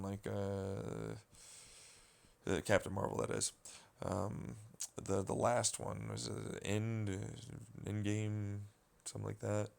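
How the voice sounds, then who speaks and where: A man's voice: lowish voice, creaky, smooth. A man vlogging a rambling, profane, exasperated commentary rant.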